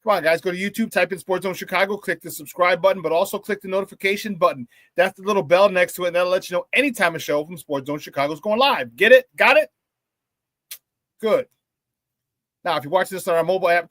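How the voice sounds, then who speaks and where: A man hosting a morning sports talk show, hyping up viewers in a playful, lively way and often breaking into laughter. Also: high voice, very fast, hardly any pauses, no echo. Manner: hype, playful, talks to the chat and laughs often. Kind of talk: upbeat morning show chat.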